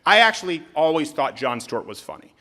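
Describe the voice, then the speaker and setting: A young adult man from Canada giving a live comedic political speech, animated and sarcastic, with sudden shouted bits. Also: on the high side, fairly quick.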